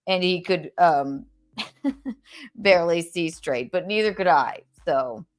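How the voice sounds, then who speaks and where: A woman's voice: lowish voice, expressive, takes it slowly. A woman with a New York accent hosting a casual livestream chat, teasing and rambling with fillers, a bit under the weather. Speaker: podcast host.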